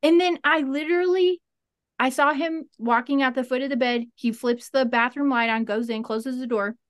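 A woman as an interview guest, telling a story in a frank, animated way and swearing freely. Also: high-pitched, moderate pace, no room sound, studio quality. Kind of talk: casual storytelling.

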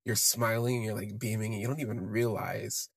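Gravelly low-voiced man telling a personal story. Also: flat delivery, a little fast, dry recording. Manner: rambling, with frequent "like" fillers. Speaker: podcast host.

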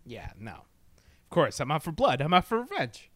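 A man chatting casually and profanely about a TV show, animated and laughing, often mock-defiant. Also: fairly high pitch, moderate pace, dry recording.

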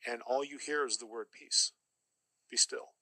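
A middle-aged man speaks as a podcast guest, telling his story with earnest, emphatic conviction and circling back on key phrases. His voice is strikingly bright and tense, with an average pitch. The sound is dry, with no room echo. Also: fairly even intonation, moderate pace. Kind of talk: personal testimony.

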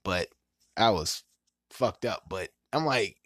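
A man hosting a podcast, telling a story in casual, profane talk and acting out quotes with sudden leaps in pitch. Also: slow, dry recording, clean studio sound. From Washington, D.C. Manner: animated, profane, acts out quotes with big pitch jumps. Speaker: podcast host.

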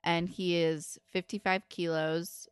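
A woman with a fairly low, smooth voice chats loosely about a show, full of "like" and casual swearing. The sound is close and dry, with no room around it. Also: level tone, takes it slowly, dry recording. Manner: candid and sweary, lots of "like". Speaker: podcast co-host. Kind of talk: casual chat recapping a TV episode.

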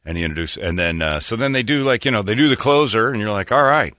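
A man's voice: fairly low pitch, animated, fast, fairly bright tone, no echo, studio quality. A young man co-hosting a talk show, telling a story in a casual, sardonic, mocking way. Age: young adult. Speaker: radio show co-host. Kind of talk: casual comedic chat.

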